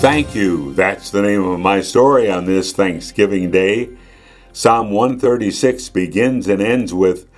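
A man with a low voice reads a devotional story for children in a folksy, earnest way. Soft music plays faintly underneath. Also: unhurried.

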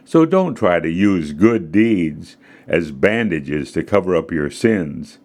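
A man's voice: low-pitched, takes it slowly, heavily acted. A man playing a patient, firm dad. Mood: teaching. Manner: calm, instructive. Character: patient, firm father teaching his son.

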